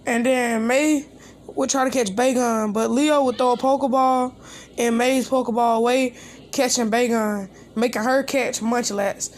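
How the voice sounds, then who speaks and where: A woman's voice: fairly high pitch, steady tone, normal speed, a little hiss or hum. A woman improvising a fan story aloud, rambling with restarts and quoting each character's lines herself. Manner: rambling, with restarts and quoted dialogue.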